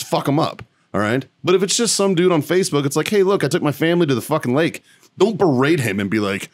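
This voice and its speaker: A middle-aged male podcast co-host with a mid-range voice launches into a blunt rant, heavy with profanity and strong emphasis. The recording has no room sound.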